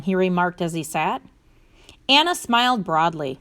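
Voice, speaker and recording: A woman's voice: medium pitch, animated, moderate pace, fairly bright tone. A woman teacher reading a story aloud and explaining a reading lesson, using explanatory fillers like "so basically".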